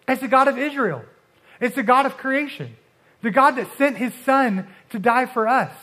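High-voiced casual male preacher. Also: lively intonation, normal speed. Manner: conversational, uses filler like and restarts, dramatic drops to soft. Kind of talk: casual sermon.

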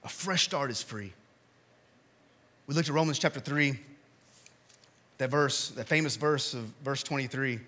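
A male pastor preaching a sermon in a church, telling stories with big swings from shouting to quiet appeals. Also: medium pitch, unhurried, long pauses.

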